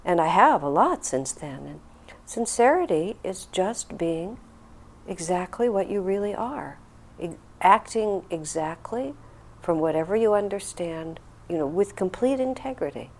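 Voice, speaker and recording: An older woman, a spiritual teacher, speaks to a group in a lowish, expressive voice at a slightly slow pace. Answering a question, she tells an earnest, reflective story and acts out the quotes in it.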